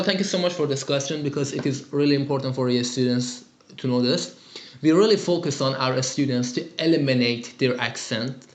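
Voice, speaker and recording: Upbeat male English teacher, echoey room. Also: medium pitch. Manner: upbeat, chatty, frequent fillers. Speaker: English teacher answering student calls. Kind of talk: live lesson and call-in Q&A.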